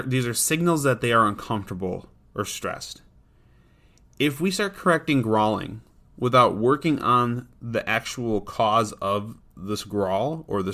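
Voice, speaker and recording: Earnest man with a bright voice. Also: mid-range voice. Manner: earnest, conversational, frequent restarts and fillers. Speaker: dog trainer and podcast host. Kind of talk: casual podcast monologue.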